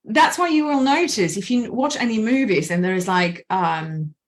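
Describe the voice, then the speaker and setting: A woman coaching on anxiety in a casual, animated talk, slowing down to count breaths and acting out anxious and calm inner voices. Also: mid-range voice. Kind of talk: casual guided presentation.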